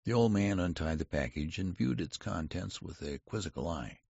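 A man narrates a story in a measured, deliberate way, his voice very low with a gravelly edge. His pitch moves a lot across sentences, lifting for the characters' lines. The sound is husky, dry and a little dull, with no room around it. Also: animated, a little mellow, no echo. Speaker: audiobook narrator. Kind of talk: scripted narration.

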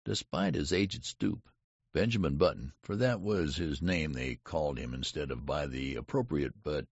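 A man narrates a story in a measured, deliberate way, his voice very low with a gravelly edge. His pitch moves a lot across sentences, lifting for the characters' lines. The sound is husky, dry and a little dull, with no room around it. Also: dry recording. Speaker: audiobook narrator. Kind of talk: scripted narration.

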